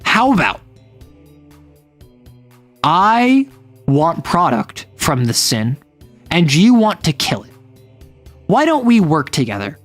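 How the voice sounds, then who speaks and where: Rambling game master, casual recap, middle pitch. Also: wildly swooping pitch, slow pace, pauses often, faint music behind. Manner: rambling, chatty, uses lots of "like".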